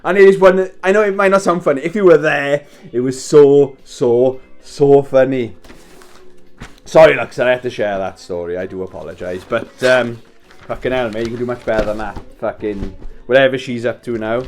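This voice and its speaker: A man's voice: medium pitch, normal speed, faint music behind. Swearing Welsh man telling a story. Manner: swearing, laughing, rambling asides. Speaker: vlogger. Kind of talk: casual storytelling.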